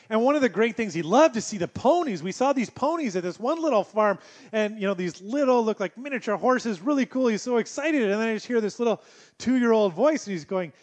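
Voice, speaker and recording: A male pastor delivering a sermon in a conversational, storytelling way with gentle humor. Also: sits high, expressive, quick pace.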